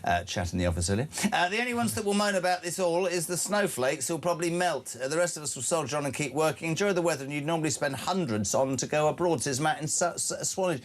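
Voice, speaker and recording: A man's voice: a little high, lively intonation, quick pace, few pauses. A man hosting breakfast radio, chatting casually and reading out listener messages with blunt jokes. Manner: jokey, blunt, reads listener messages aloud. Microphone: studio microphone.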